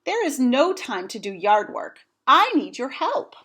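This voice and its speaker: A woman voicing a kind, enthusiastic middle-aged wife in a read-aloud storybook, in a warm, sing-song, encouraging manner. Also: high voice, big pitch swings, measured pace, breathy edge, pitched above the performer's own voice, full character voice. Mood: kindly.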